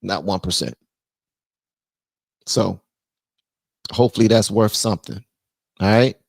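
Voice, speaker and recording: A man hosting a casual political live stream, blunt and animated, reading viewer messages aloud. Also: lowish voice, measured pace, creaky, dry recording. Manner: blunt, animated, reads super chats aloud.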